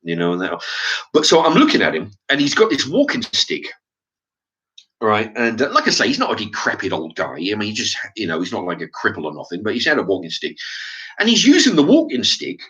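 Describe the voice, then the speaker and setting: Animated, swearing man telling a story. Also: on the low side, fairly quick. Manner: animated, swears freely, many restarts and repeated "right?". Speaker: vlogger. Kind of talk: casual storytelling monologue.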